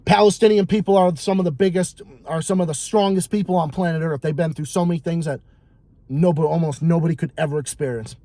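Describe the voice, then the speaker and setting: A fairly high-pitched man tears through a heated, profane monologue, circling back to the same lines again and again for emphasis. His voice sounds dry and close, with no room around it. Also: fairly even intonation, fast talker, mellow, no room sound. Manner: heated, profane, repetitive ranting. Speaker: vlogger. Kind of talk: ranting monologue.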